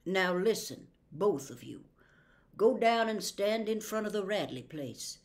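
A woman reading an audiobook, voicing a calm, steady grown man who speaks slowly and low. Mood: calm firm. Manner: slow, low and measured.

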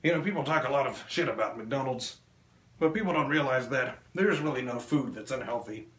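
A man doing a crude stand-up comedy set, delivering deadpan one-liners on a small club stage. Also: mid-range voice, a little fast, noisy background. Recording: echoey room with faint ambience.

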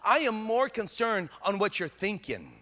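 A man preaching a sermon as pastor, animated and repeating phrases, in a church hall. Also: sits high, moderate pace.

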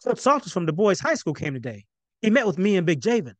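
Excitable teen boy with a raised, eager voice, read by a man, storybook reading, dry sound. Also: fast, no room sound, natural voice. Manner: pitched up, eager and pleading.

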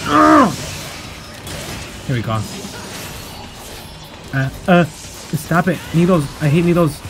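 A man's voice: fairly high pitch, a little slow. A young man casually commentating his gameplay, swearing freely and flaring into angry outbursts at the game, then settling back into chatty explaining. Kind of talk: casual let's-play commentary. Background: game music.

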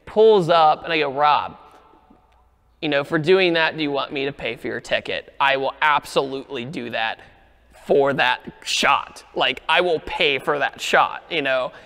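A man telling a car story in a casual, animated way, acting out the quoted lines. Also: measured pace, gravelly, in a large hall. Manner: animated, acts out quoted lines with rising pitch.

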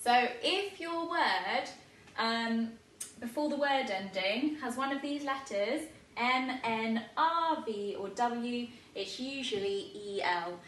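A woman with an English accent, a primary school teacher, talks young pupils through their spellings at a chalkboard. She speaks slowly and carefully, with a slightly raised voice and plenty of bright encouragement. She is caught from across an echoey classroom, with a faint hum of room noise. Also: on the high side, expressive, distant mic. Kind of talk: spelling lesson for children. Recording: echoey room, voice away from the mic.

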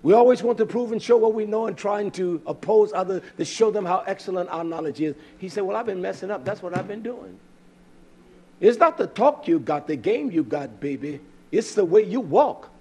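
A man preaching a fiery, scolding sermon that swings from loud outbursts to quiet asides. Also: high-pitched, lively intonation, moderate pace, husky.

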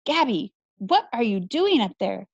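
A woman's voice: a little high, big pitch swings, a little slow, vocal fry, breathy edge, no echo, full character voice. A woman voicing a brash girl who teases her friends. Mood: teasing. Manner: brash, teasing. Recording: dry, slightly muffled recording.

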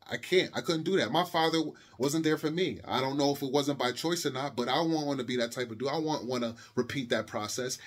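A man's voice: fairly high pitch, a bit bright. A young adult man giving a heated monologue to camera, impassioned and repetitive, lecturing his viewers. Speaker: video commentator.

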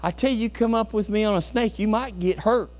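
Emphatic high-voiced preacher man. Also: fairly quick. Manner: emphatic preaching with sudden loud bursts and storytelling asides. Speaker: pastor. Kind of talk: sermon. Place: church sanctuary.

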